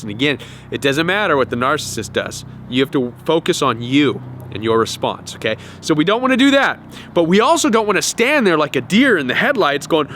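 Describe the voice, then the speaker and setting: Animated man giving self-help advice. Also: fairly high pitch, a little fast, a little hiss or hum. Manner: animated, acts out quoted voices, repeats words. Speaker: self-help video host. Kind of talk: advice talk to camera.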